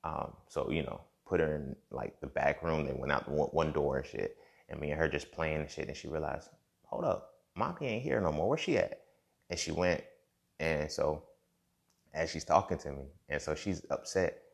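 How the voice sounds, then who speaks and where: With an extremely low, gravelly voice and fairly even intonation, a young man talks at normal speed on his podcast. It's a casual, reflective monologue full of repetition and frequent "you feel me" check-ins.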